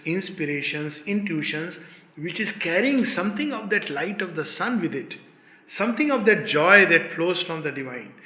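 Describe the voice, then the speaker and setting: A man explaining a poem with animated emphasis, leaping higher on key words. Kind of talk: spoken commentary on a poem. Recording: echoey room.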